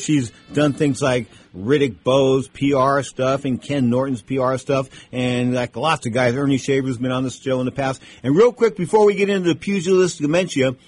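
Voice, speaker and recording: A man's voice: mid-range voice, a little fast, hardly any pauses, darkish tone, slightly rough, faint music behind. A male radio host telling rambling stories during an interview, with lots of restarts. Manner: rambling anecdotes with many restarts. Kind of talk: casual storytelling interview.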